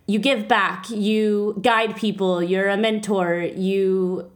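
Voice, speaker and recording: A woman's voice: medium pitch, fairly even intonation, slow. A woman hosting a casual interview, talking earnestly and getting emotional at times. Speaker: podcast host.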